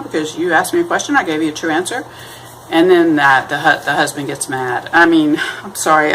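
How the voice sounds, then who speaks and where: Brief: middle-aged woman, low voice, rambling self-deprecating monologue, faint background hiss. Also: fairly bright tone, rough recording. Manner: rambling, self-deprecating, acts out quoted voices in a high sing-song. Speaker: vlogger. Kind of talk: casual explanatory monologue.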